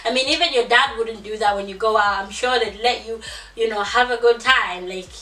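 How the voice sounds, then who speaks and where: A young woman telling a casual storytime to her viewers. She is animated, acts out quotes and laughs a lot. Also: a little high, fairly quick, reverberant, far from the mic, a little hiss or hum. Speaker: vlogger.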